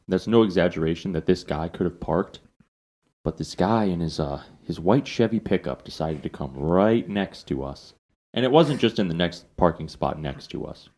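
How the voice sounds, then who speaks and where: Podcast host, man, very low voice, casual profane storyteller. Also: darkish tone.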